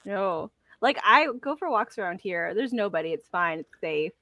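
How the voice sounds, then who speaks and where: Animated, profane woman podcaster. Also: mid-range voice, moderate pace, dry recording. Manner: laughing, profane, animated storytelling. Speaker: podcast co-host. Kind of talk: casual chat.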